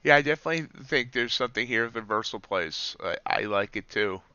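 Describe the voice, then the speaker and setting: A man's voice: medium pitch, animated, a little fast, sharp tone, clean tone, no echo, lo-fi sound. A man live-streaming his trades, chatting casually and joking at his own slips as he explains the charts. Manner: chatty, self-deprecating, explains trades while watching charts.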